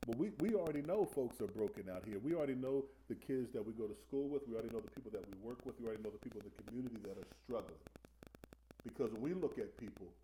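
A man preaching a Sunday school sermon in a conversational way, asking the room questions and slowing down to stress scripture. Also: mid-range voice, lively intonation, noisy background.

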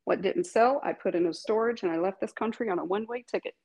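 A woman's voice: medium pitch, fast, a little mellow, husky, poor audio. A middle-aged woman speaks in an ordinary mid-range voice, recounting her own story as an interview guest. She talks emphatically, laughs often and swears without fuss. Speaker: guest, tattoo artist.

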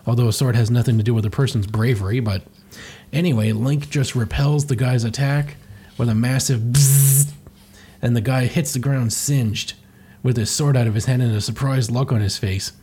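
A man's voice: mid-range voice, steady tone, brisk, warm tone, slightly rough. A man reading through a comic and commenting sarcastically, swearing casually. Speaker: comic reviewer.

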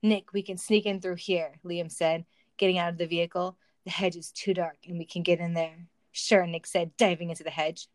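A woman's voice: on the low side, little pitch movement, normal speed, no room sound. A woman reading a silly story aloud for comedy, with wry asides and laughter. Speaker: reader of a fan story.

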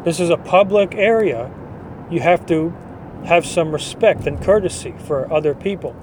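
A man's voice: a little high, moderate pace, slight background noise. A man hosting a podcast, delivering a blunt, dismissive opinion monologue. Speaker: podcast host.

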